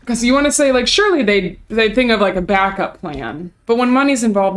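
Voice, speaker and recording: A streamer talking over a live game session in a loose, chatty way, sprinkling in swear words. The voice sits in a middle pitch. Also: animated, fairly quick, fairly bright tone. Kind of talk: casual live-stream commentary.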